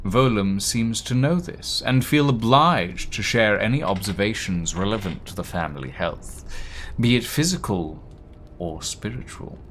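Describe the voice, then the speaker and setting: A man narrating a tabletop role-playing game as game master, describing characters' actions at an unhurried pace. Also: lowish voice, animated, fairly bright tone, a little hiss or hum.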